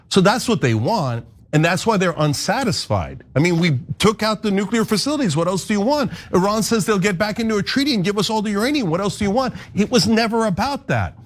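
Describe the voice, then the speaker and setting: Fiery male host from the US, bright pitch and very animated, blunt and profane. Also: moderate pace. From United States. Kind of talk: political commentary rant.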